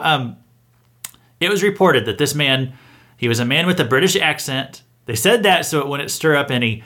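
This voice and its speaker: A man's voice: fairly high pitch, sharp tone. A man hosting a satirical news show, delivering a mock-earnest, sarcastic monologue with hesitant restarts.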